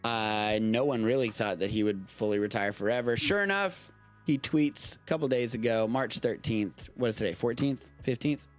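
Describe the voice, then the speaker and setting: A man in a casual live-stream, talking at a middle pitch over a desk mic. He rambles, stops himself mid-thought and swears offhandedly, and faint music sits behind him. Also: normal speed. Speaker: live-stream show host.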